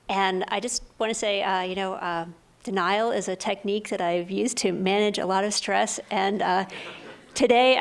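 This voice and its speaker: A woman scientist speaking on a panel briefing, earnest and halting, with many fillers and restarts. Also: medium pitch.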